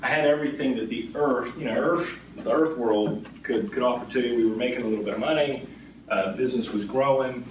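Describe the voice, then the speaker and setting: A middle-aged man speaks at an event and tells stories to the crowd in a loose, chatty way, tagging many sentences with "right?". His voice sits at a mid pitch. It is picked up from a distance in a roomy hall, with steady background noise behind him. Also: fairly quick. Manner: conversational, frequently adds "right?" tag questions. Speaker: insurance agent speaking as a guest. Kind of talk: storytelling talk to an audience. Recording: echoey room, distant mic, background noise.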